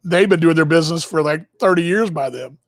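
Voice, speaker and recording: Fairly high in pitch and brisk, a Texan broadcast host in his fifties tells relaxed, rambling stories, breaking in on himself and chuckling through asides. No room sound is audible.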